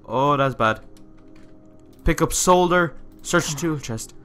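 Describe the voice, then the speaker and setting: Excitable, swearing man playing a game. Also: a little high, slow pace, clean tone, soft background music. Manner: excitable, swears often, reads on-screen text aloud. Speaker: gamer playing a survival game. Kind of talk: let's-play commentary.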